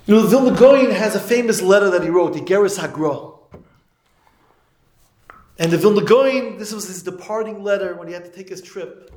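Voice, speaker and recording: High-voiced man preaching in an echoey room. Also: moderate pace, a little mellow, a little hiss or hum. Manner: storytelling, rising to emphatic moral preaching; speech full of Yiddish and Hebrew terms. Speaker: teacher of yeshiva students. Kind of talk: Torah lecture with storytelling.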